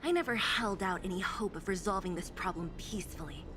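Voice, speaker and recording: A woman's voice: mid-range voice, a little fast, noisy background, close to an everyday voice. An actress playing a blunt, combative young female hero in a video game. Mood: defiant. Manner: confrontational, blunt.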